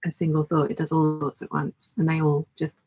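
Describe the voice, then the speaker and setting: A woman hosts a relaxed sewing hangout, her voice hoarse and croaky from being ill. She talks in a rambling, self-mocking way, with a gravelly rasp and a husky edge to every phrase. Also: low voice, a little fast. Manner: rambling, self-deprecating, chatty. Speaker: sewing livestream host. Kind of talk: casual chat to live chat while sewing. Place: home sewing studio.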